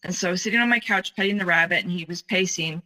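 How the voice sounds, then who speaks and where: A middle-aged woman telling her own story in a halting way, with many fillers and pauses. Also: lowish voice, bright, forceful tone, low-quality recording. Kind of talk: personal storytelling.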